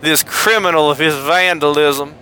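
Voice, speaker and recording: A man putting on a Mississippi accent to voice a wealthy Southern gentleman with a drawn-out, unhurried drawl. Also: fairly high pitch, steady tone, slight background noise.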